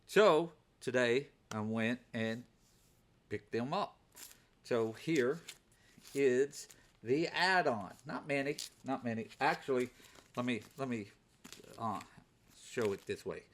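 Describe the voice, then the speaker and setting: Slow, hesitant man chatting about comics. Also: medium pitch. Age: adult working overnight shifts. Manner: hesitant, many fillers and repeated words. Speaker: comic book vlogger. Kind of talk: casual unscripted show-and-tell.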